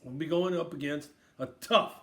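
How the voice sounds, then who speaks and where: A man's voice: a little high, moderate pace, sharp tone. A man from Queens hosting a casual sports podcast, riffing and raising toasts. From Queens, New York. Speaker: podcast host.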